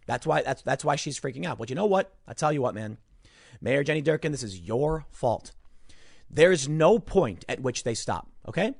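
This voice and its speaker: A man's voice: medium pitch, very animated, normal speed, gravelly, breathy edge, dry recording, clean studio sound. A young man giving an emphatic opinion monologue as a political commentator, ranting and often repeating words.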